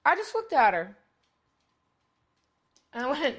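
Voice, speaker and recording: A middle-aged woman with a fairly high voice hosts her own podcast and talks straight to the listener. Her speech is blunt and full of swearing, rambling along with plenty of "like" before it jumps into loud, high exclamations. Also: big pitch swings, slow, pauses often. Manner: blunt and profane, rambling with lots of "like". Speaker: podcast host. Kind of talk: casual monologue.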